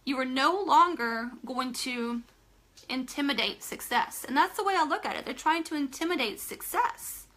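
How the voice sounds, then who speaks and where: A woman gives a live motivational talk to team leaders, emphatic and direct, repeating phrases for stress, addressing listeners directly, and asking them to comment. Her high-pitched voice is animated, pushed and bright, at normal speed.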